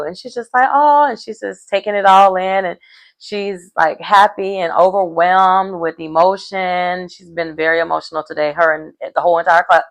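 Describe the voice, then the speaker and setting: A woman's voice: on the low side, gravelly, poor audio. A woman casually recapping a reality dating show, chatty and full of fillers, retelling scenes through quoted dialogue.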